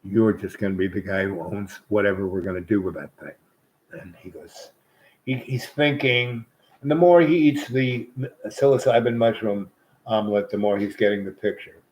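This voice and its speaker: A man's voice: lowish voice, poor audio. Rambling man telling a loose story. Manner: meandering, with many restarts and asides. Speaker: host.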